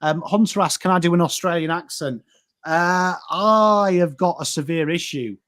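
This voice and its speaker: An English man co-hosting a casual football chat, animated and rambling, often restarting his sentences. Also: high voice, moderate pace. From England. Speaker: co-host.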